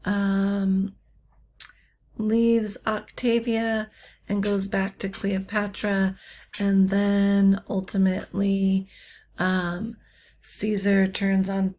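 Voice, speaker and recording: A woman teaching literature in an unscripted lecture, halting often with ums and uhs and slipping in wry, offhand asides. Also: mid-range voice, monotone, a little mellow.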